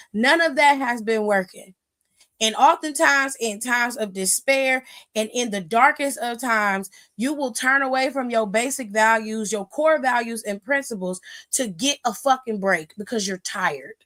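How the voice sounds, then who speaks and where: Brash, profane woman commenting on wrestling. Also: on the high side. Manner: brash, profane, animated storytelling; acts out quoted voices. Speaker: wrestling aftershow host. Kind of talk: casual commentary monologue.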